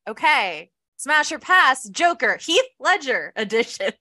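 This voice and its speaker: A woman hosting a podcast party game, playful and quick to laugh. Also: sits high, sing-song, sharp tone, no echo, clean studio sound. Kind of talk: casual group chat.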